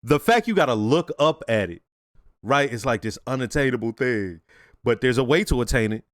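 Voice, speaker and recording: A man's voice: medium pitch, expressive, normal speed, soft background music. A man hosting a reaction video, talking casually in slang and laughing often as he comments.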